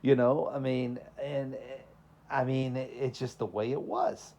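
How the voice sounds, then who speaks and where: A man's voice: mid-range voice, slow pace. Southern man preaching in casual storytelling. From Texas. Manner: conversational, rhetorical questions, animated. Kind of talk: informal sermon with personal stories.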